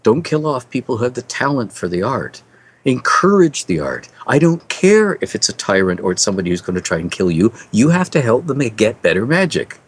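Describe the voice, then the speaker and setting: A man's voice: mid-range voice, sing-song, brisk, husky. A man voicing a goddess of magic who gives stern orders, in nearly his own voice.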